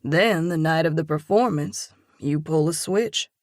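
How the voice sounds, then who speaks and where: A woman reading an audiobook and voicing a grounded young man who talks in a calm, encouraging, lightly teasing way. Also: sits low, measured pace, dry recording, studio quality. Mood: coaxing. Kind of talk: audiobook dialogue.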